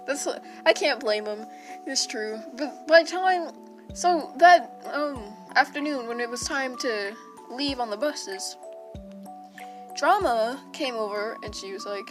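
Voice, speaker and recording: Young woman, storytime vlogger, unscripted and rambling, slightly high pitch, music bed underneath. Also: slow pace. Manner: rambling, self-interrupting, casual slang. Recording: music playing behind.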